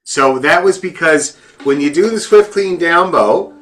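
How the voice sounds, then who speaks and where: A man teaching fiddle one-on-one, relaxed and encouraging, often repeating his praise. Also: fairly high pitch, measured pace. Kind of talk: one-on-one music lesson. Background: fiddle playing.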